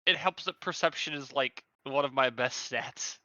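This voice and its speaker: Bright-voiced wry man on a dull mic. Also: medium pitch, normal speed, no echo. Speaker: player. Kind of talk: casual tabletop game chat.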